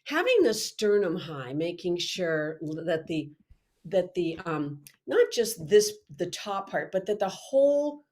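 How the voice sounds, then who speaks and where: A woman teaching singing technique in a live online workshop, chatty and animated with frequent restarts. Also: on the low side, a little slow.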